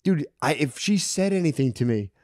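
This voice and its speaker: A man's voice: on the high side, animated, moderate pace, a little mellow, dry recording, studio quality. A man co-hosting a podcast in casual chat, rambling and swearing, acting out his own outbursts. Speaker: podcast co-host.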